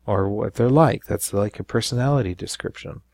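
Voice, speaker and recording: A man's voice: fairly low pitch, normal speed, gravelly, a little mellow, no echo. A man teaching a recorded Spanish grammar lesson, explaining step by step and checking in with frequent "right?".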